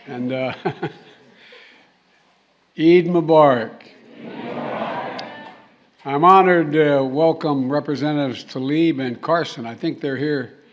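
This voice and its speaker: A man with a somewhat high voice gives a formal speech at a podium microphone. He often stumbles, repeats words and restarts his sentences, and drops jokey asides to the crowd. A faint hum of noise sits behind him. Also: slow pace, long pauses, dull audio. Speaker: president giving a speech. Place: formal reception hall, indoors.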